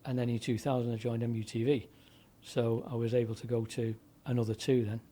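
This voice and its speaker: A man's voice: mid-range voice, flat delivery, fairly quick, dark tone, a little hiss or hum. A man in his seventies, a former DJ and broadcaster, telling long anecdotes in a rambling conversational way. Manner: rambling anecdotal delivery with frequent fillers and restarts. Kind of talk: conversational storytelling.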